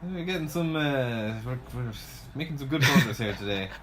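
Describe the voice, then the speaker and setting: A young man co-hosting a casual podcast, teasing in a dry, deadpan way. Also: medium pitch, moderate pace, slight background noise. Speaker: podcast co-host.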